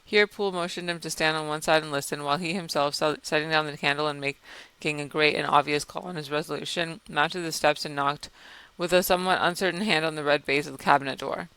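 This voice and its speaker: A man reading a classic novel aloud in a measured, dramatic narration style. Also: fairly high pitch, steady tone, sharp tone, clean tone, no room sound, low-quality recording. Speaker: audiobook reader. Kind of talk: scripted narration.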